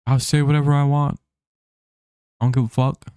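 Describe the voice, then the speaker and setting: A man putting on a voice as a blunt self-proclaimed superhero, declaiming slowly and defiantly. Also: mid-range voice, flat delivery, mellow, clear, resonant tone, dry recording, studio quality, voice pushed up, natural voice.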